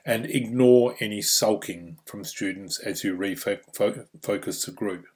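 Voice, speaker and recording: A man's voice: fairly low pitch, unhurried, darkish tone. An Australian man who works as a trainer, walking through course material in an explanatory way with frequent "you know" and "um" fillers. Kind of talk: instructional course narration.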